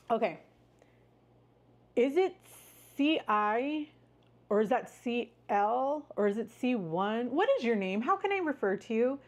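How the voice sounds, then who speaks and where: A woman talking casually on her live stream, upbeat and encouraging as she greets viewers by name. Her voice sits at an ordinary middle pitch. She sounds friendly and chatty throughout. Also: a little mellow. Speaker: livestream host.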